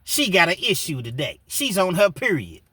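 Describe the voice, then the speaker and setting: Man doing a taunting smooth-talking inmate. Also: sits high, big pitch swings, moderate pace, bright, forceful tone, no room sound, pitched above the performer's own voice, full character voice. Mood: mocking. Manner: taunting, sing-song teasing. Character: mocking smooth male inmate, former boxer.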